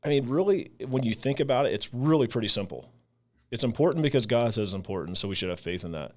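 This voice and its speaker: A man's voice: mid-range voice, animated, fast, a little mellow. A man who leads a ministry, talking earnestly in a casual faith discussion and acting out the voices he quotes. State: emotional, voice catching. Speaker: ministry leader and podcast co-host.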